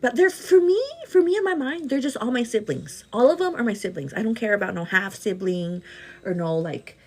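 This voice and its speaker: Chatty husky-voiced woman in her thirties. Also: fairly high pitch, a little fast, a little mellow. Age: 30s. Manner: chatty, answers viewer comments, says "girl" often. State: pregnant with twins. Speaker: livestream host. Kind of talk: casual livestream chat while doing makeup.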